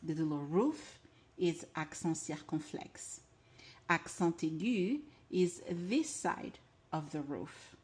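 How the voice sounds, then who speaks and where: A woman's voice: low voice, slow pace. A woman with a French accent, a teacher patiently explaining step by step in a casual language lesson. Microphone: glasses-mounted camera for desk part.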